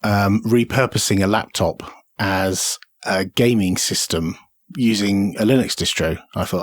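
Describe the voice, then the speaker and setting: Male co-host, low husky voice, dry close sound, rambling delivery. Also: normal speed, dry recording. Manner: rambling, with many fillers and restarts. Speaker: podcast co-host. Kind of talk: casual tech podcast chat.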